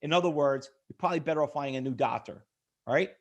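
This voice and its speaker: Pushing his day-trading course in a live webinar, a middle-aged instructor speaks at a quick pace in a slightly high voice. He sells hard with rhetorical questions, naming individual viewers as he goes.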